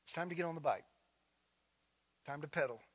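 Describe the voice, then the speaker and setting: A middle-aged man preaching a sermon as a pastor, building to loud, emphatic declarations and then easing into a soft, guided prayer. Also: fairly high pitch, brisk, husky, no room sound.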